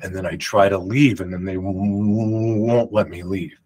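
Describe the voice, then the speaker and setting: A man host telling a personal story in a rambling, animated way, often cutting himself off. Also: deep voice, normal speed, low-quality recording. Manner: rambling, animated, self-interrupting retelling.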